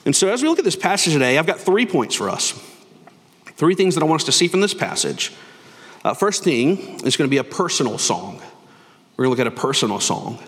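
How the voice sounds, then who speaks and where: A man's voice: fairly high pitch, sing-song, a little fast, a bit bright. A man preaching a sermon as pastor, earnest and conversational. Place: church sanctuary. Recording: long hall reverb.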